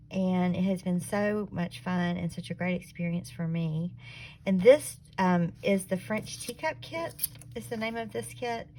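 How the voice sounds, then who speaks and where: A woman's voice: fairly low pitch, darkish tone, a little hiss or hum, poor audio. Chatty Southern woman hosting a craft vlog. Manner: friendly, chatty, with fillers. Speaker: crafting channel host. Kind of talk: casual craft vlog chat.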